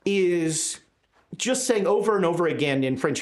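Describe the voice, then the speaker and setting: A game master narrating a tabletop horror game, pausing often with filler words. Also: medium pitch, lively intonation. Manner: hesitant, many filler words.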